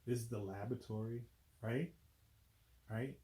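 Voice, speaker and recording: A relaxed young man reading a picture book to children in a casual, chatty way. He pauses to explain the pictures and keeps checking in with little questions, his voice at an average pitch. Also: reverberant. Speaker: volunteer reader. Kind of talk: children's read-aloud.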